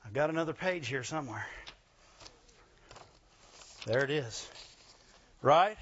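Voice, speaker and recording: A man's voice: medium pitch, expressive, slow, a bit bright, highs cut off, slight background noise. A man preaching a sermon, punctuating his points with call-and-response questions to the congregation. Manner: call-and-response preaching, frequent "Amen?" and "Right?". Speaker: pastor.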